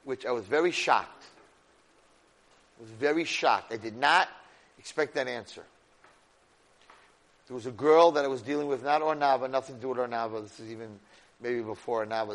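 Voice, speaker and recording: A man teaching a Torah class, speaking expressively and directly to his students, mixing in Hebrew terms. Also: mid-range voice. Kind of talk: animated Torah lecture.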